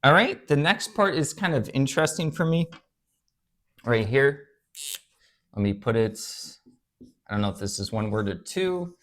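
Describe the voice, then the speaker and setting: A man's voice: mid-range voice, lively intonation, measured pace, fairly bright tone. A young man hosting his own channel, talking casually and earnestly, rambling with fillers and restarts as he explains his views. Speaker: eBay reseller, channel host. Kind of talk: casual talk to camera while drawing on a board.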